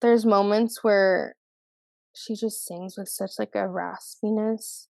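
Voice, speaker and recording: A woman's voice: mid-range voice, fairly even intonation, takes it slowly, gravelly, a little mellow, no room sound. A young woman in her twenties co-hosting a podcast, chatting casually, gushing and laughing often. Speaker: podcast co-host. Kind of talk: casual chat.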